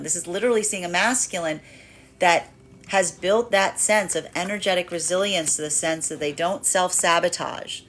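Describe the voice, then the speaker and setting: This woman reads tarot in a rather low voice. She circles back over the same phrases again and again, restarting her sentences as she goes. Now and then she breaks into a playful acted aside. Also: a bit bright. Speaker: tarot reader. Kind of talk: spiritual tarot reading monologue.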